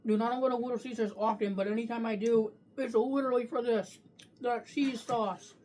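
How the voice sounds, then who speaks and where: A woman's voice: a little high, fairly even intonation, fairly quick, mellow. Profane ranting woman food vlogger. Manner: profane, ranting, talks while chewing. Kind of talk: casual food review.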